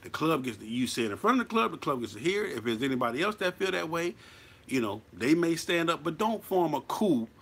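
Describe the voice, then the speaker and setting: A man's voice: fairly high pitch, big pitch swings, fairly quick, fairly bright tone, husky. A man giving blunt, profane, preachy advice as a motorcycle club member in a casual monologue.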